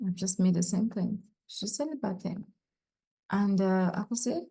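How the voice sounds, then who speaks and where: A woman's voice: mid-range voice, normal speed, vocal fry, dark tone, slightly rough. A woman teaching a French lesson online, patiently repeating each example sentence.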